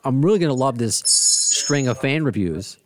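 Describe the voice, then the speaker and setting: A man's voice: mid-range voice, lively intonation, normal speed, no echo. A man from the United States hosting a casual interview, rambling and self-deprecating. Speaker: host. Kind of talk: casual video-call interview.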